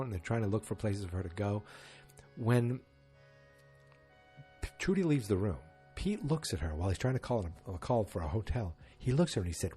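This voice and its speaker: A man's voice: fairly low pitch, expressive, moderate pace, long pauses, warm tone, soft background music. A man hosting a casual solo podcast, retelling scenes and acting out the quotes with sarcastic asides. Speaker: podcast host.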